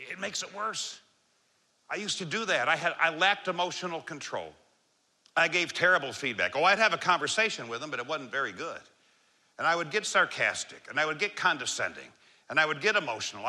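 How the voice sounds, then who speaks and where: A man giving a motivational leadership talk to a live audience, swinging between loud emphatic lines and a low, slow, calm voice. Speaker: leadership speaker.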